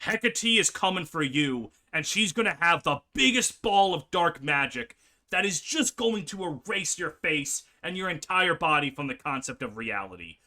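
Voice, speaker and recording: Animated, mocking man at a game table. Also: a little high, normal speed. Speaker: tabletop player. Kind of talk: casual role-play banter.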